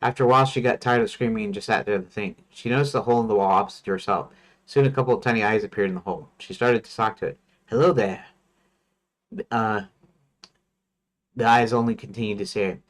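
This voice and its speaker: A man's voice: lowish voice, racing. A man who develops games, thinking aloud on a livestream and reading his story notes, hesitant and self-questioning. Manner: hesitant, many fillers and restarts, self-questioning. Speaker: game developer streamer.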